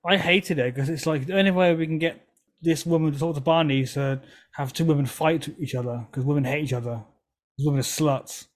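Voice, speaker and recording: A podcast co-host in casual chat, blunt and sarcastic, swearing freely. The pitch sits in an ordinary middle range. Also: steady tone, a little fast.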